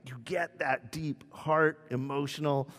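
Chatty pastor, high voice, church reverb. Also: male voice, fairly even intonation, unhurried, a bit bright. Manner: chatty and humorous, with frequent restarts. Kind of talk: conversational sermon. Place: church sanctuary. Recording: long reverb of a church hall.

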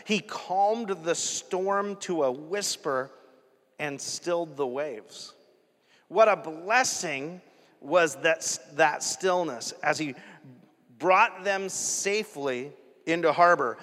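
A man preaching a sermon in an animated, conversational way, often laughing between points. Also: on the high side, slow. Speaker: pastor. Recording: echoey hall with long reverb.

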